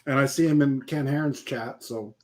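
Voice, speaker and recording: A man's voice: medium pitch, moderate pace, a little mellow. A man co-hosting a casual live call-in chat, talking loosely with frequent laughs and restarts over a video call. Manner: chatty, laughs often, restarts sentences. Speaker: co-host.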